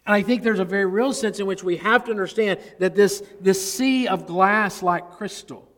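A male pastor preaching an expository sermon, earnest, swelling on key words and dropping low at the ends of phrases. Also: normal speed, fairly bright tone. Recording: long hall reverb.

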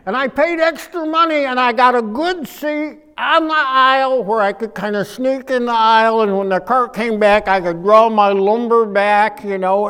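High-voiced preacher telling funny stories. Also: male voice, clear, resonant tone. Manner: animated, acts out voices, swings from quiet to loud. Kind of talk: humorous storytelling sermon. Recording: echoey hall.

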